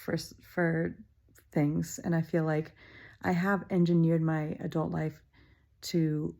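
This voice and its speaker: Low, mellow woman musing wryly. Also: flat delivery, slow, creaky. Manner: musing, wry and self-deprecating, many ums. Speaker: vlogger. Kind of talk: casual reflective monologue. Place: indoors at her childhood home.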